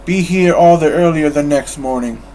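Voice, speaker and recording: Storybook role: a man reading a mean old miser, gruff and snapping, loud and slow. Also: on the high side, fairly even intonation, a little hiss or hum, low-quality recording. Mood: grumpy snapping.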